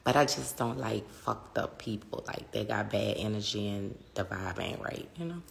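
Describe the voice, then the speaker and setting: A woman in her thirties with a New Orleans accent hosts a casual phone livestream, swearing freely and answering viewers' comments. Her voice is deep and bass, creaky, and at a normal speed.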